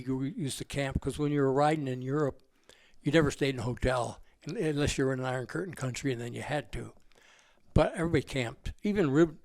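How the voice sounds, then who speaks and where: Gravelly old man telling rambling stories. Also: mid-range voice, a little mellow, no room sound. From United States. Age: older. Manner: rambling, profane and laughing. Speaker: guest. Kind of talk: casual storytelling.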